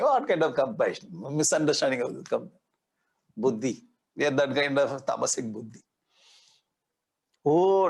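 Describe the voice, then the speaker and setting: A swami with an Indian English accent teaches scripture, his voice a little high and breathy. He explains each verse patiently, repeating the important words. He recites Sanskrit and teases his listeners now and then. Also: rough recording. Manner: teasing, playful asides. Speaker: swami giving a scripture discourse. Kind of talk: spiritual discourse.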